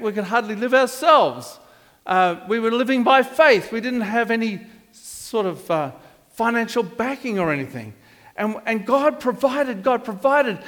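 An older male pastor delivers a sermon, his voice pitched notably high for a man. He rambles, drifts into side stories and trips over restarts. The sound rings with long reverb in the church hall. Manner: rambling, digressive, with frequent restarts.

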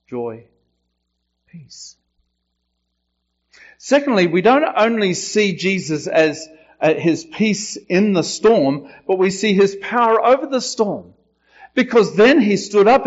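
A man preaches a sermon in a higher-pitched voice, taking his time and leaning hard on key phrases. He lifts his voice when quoting, and the recording sounds a little dull and lo-fi. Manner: slow, emphatic preaching with quotes rising in pitch. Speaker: pastor.

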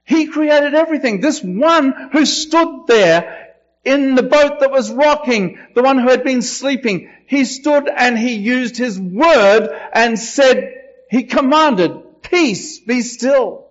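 A man preaching a sermon with slow, emphatic delivery, his voice rising when he quotes. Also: extremely high pitch, lively intonation, dull audio. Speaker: pastor.

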